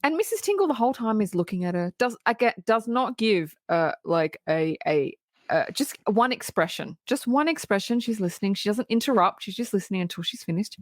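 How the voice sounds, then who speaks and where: A woman co-hosting a film podcast, recapping scenes in a lively, laughing way and swearing casually. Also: medium pitch, fairly quick, no room sound, clean studio sound. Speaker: podcast co-host. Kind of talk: casual film-review chat.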